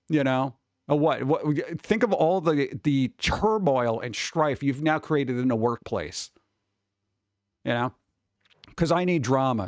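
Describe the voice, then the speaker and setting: On a casual livestream, an exasperated adult man who once worked at a record store reacts to advice posts, swearing and sneering at the people in them while tossing off quick mocking impressions. His pitch is ordinary and middling, and the audio is close and dry, with no room sound or echo.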